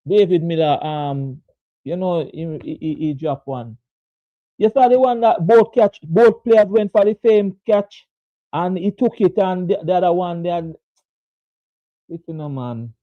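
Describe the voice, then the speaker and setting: A man's voice: sits high, no echo. A man hosting a casual live-stream cricket chat, laughing often and repeating phrases. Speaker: sports show host. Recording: dull, dry lo-fi sound.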